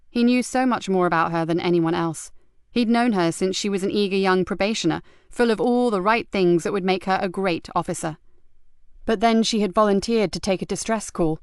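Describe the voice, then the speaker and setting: A woman narrating an audiobook mystery in a measured, even storytelling manner. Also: medium pitch, clean tone, no echo, studio quality. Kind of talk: scripted narration.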